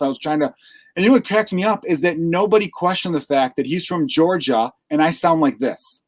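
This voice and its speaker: A young man hosting a podcast, chatty and quick to laugh while telling a story. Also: on the high side. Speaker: podcast host. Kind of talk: casual chat.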